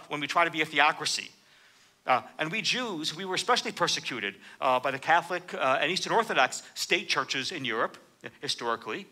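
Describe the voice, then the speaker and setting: Bright, lively-voiced male preacher. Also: on the high side. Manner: animated, acts out quoted dialogue with rising emphasis. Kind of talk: sermon.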